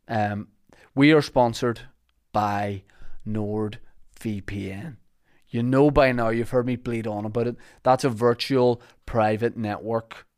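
A man's voice: medium pitch, steady tone, takes it slowly, darkish tone, smooth. A man with a Northern Irish accent hosting a podcast, chatting jokily and reading sponsor ads in a rambling, loose way. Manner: rambling, jokey, with fillers and restarts. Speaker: podcast host. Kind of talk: casual podcast chat and sponsor reads.

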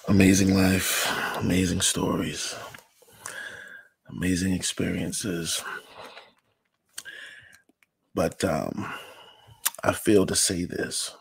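A man's voice: low voice, level tone, extremely slow, creaky, pauses often, husky, dry recording. A man talking loosely on a livestream about faith and success, full of "you know"s and dropping into whispers. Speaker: livestream speaker. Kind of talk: casual inspirational talk.

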